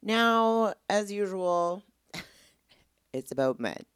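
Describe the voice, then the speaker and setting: A woman's voice: medium pitch, lively intonation, drawn-out words, clear, resonant tone, no room sound, clean studio sound. A young woman hosting a casual solo podcast, candid and exasperated, rambling with lots of "like". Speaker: podcast host.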